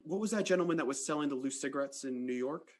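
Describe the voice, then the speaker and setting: A man's voice: on the high side, quick pace, a little mellow. A man hosting a podcast, talking in a conversational way and saying "like" often. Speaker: podcast host.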